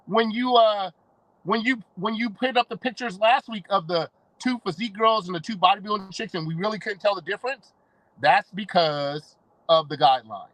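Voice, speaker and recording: A man's voice: high voice, moderate pace, a bit bright, dry recording, rough recording. A man co-hosting a podcast in casual chat, rambling and enthusiastic. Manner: rambling, enthusiastic, laughs often. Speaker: podcast co-host.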